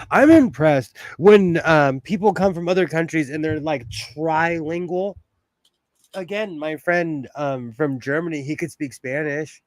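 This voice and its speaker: A man's voice: fairly high pitch, slow pace, pauses often, no room sound. A man hosting a casual sewing livestream, chatting and reading comments while he works, laughing often. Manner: chatty, laughs often, reads chat aloud.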